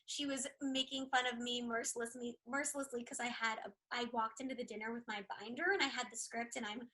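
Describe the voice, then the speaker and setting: A woman's voice: on the high side, fairly even intonation, pushed and bright, low-quality recording. A young American woman in a casual interview, telling stories in a bubbly, rambling way with lots of "like" fillers. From United States. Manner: bubbly, fast-rambling storyteller with frequent laughs and filler likes. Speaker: actress, interview guest.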